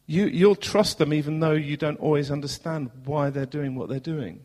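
Speaking a little high at a moderate pace, a pastor with a southern English accent gives an earnest church sermon full of rhetorical questions. He moves between booming and hushed moments, recorded with long hall reverb.

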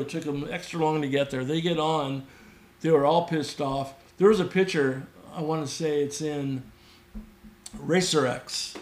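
A middle-aged man spins a rowdy story as a podcast guest, his voice sitting a touch above the usual male range. He swears casually and keeps slipping into the voices of the people he describes. The sound rings with a noticeable room echo. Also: a little high. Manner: profane, animated, acts out quoted voices. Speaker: podcast guest, former mechanic. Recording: roomy echo.

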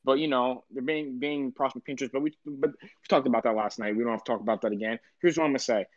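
A man's voice: mid-range voice, quick pace, dry recording, highs cut off. A man on a casual sports podcast, just woken up, ranting emphatically and repeating "listen". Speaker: podcast co-host.

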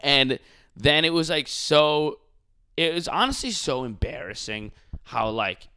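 A man in casual podcast chat, ranting with animated profanity. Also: on the high side, a little slow, clean tone.

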